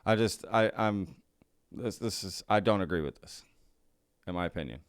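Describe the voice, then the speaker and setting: A man's voice: sits low, normal speed, smooth, dry recording, studio quality. A man hosting a commentary video, musing aloud with many questions and restarts, laughing now and then. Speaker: commentary host. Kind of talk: casual reaction commentary.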